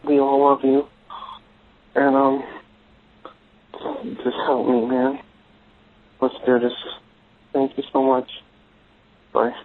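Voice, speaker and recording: A man's voice: medium pitch, level tone, takes it slowly, pauses often. A male caller leaving a rambling, stumbling, pleading voicemail. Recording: muffled phone voicemail.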